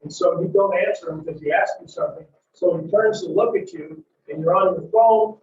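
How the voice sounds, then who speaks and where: A man lecturing a psychology class, loud and emphatic, swinging his voice for emphasis and acting out little scenes. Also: high-pitched, moderate pace. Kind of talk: classroom lecture with acted scenarios. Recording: echoey lecture hall, dull mic from far off.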